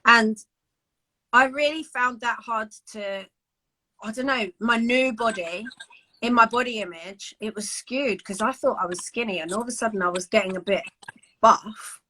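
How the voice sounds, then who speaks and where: A woman's voice: a little high, normal speed, pushed and bright, a little hiss or hum, low-quality recording. A young woman co-hosting a casual podcast chat, candid and swearing freely. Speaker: podcast co-host, bikini bodybuilder.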